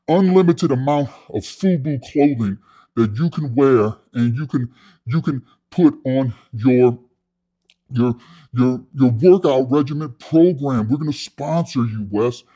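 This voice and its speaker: A man's voice: medium pitch, unhurried, warm tone, close to an everyday voice. Man doing a stumbling clothing-brand investor. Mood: persuasive. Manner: stumbling, repeating words.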